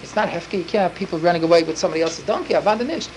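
Fast-talking man telling a story with inflection. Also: high-pitched, slight background noise, low-quality recording. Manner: rapid, breathless, full of Yiddish and Hebrew words. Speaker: storyteller for children. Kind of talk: animated storytelling.

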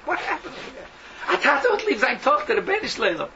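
A man's voice: high voice, big pitch swings, quick pace, dull audio, background noise. A man, a rabbi, giving a Talmud lecture full of Yiddish and Hebrew terms, acting out the characters' questions as he tells the story. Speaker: rabbi teaching a class.

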